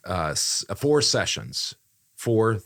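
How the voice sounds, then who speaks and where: A man's voice: on the low side, sing-song, slow, a bit bright. A man who works as a voiceover artist talks through a recent job in a casual podcast chat, speaking conversationally, repeating phrases and often using fillers.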